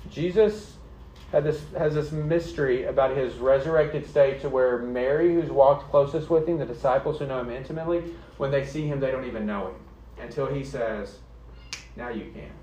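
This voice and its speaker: A man's voice: fairly high pitch, darkish tone, lo-fi sound. A man preaching an earnest, conversational sermon, often checking in with the congregation. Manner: earnest, conversational preaching with frequent "okay?" and "right?". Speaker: pastor.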